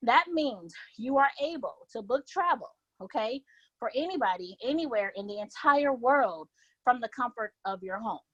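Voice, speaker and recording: A woman's voice: fairly high pitch, lively intonation, moderate pace, fairly bright tone, dry recording, muffled recording. A woman training travel agents, talking informally and cheerfully on a conference call, often checking in with "okay?". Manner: upbeat, chatty, often tags "okay?". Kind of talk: informal presentation on a group call. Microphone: laptop or phone on a conference line.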